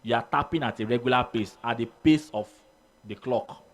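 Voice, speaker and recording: A male choir instructor with a Nigerian English accent explains rhythm in a halting, filler-heavy way. He breaks off to chant beats and counts aloud. His voice sits at an ordinary male pitch. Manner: hesitant, halting, many fillers, sings out beats. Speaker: choir music teacher. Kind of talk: informal music theory lesson.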